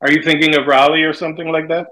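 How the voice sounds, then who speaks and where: Man, from North Carolina, podcast co-host, wry, laid-back, slightly high voice. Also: flat delivery, racing, crowd noise, low-quality recording. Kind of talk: casual chat.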